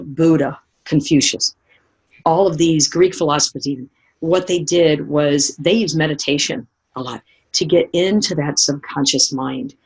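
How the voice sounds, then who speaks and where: A middle-aged woman speaker giving a motivational seminar talk, telling lively stories and asking the audience direct questions. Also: low-pitched, husky. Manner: animated storytelling, acting out remembered voices.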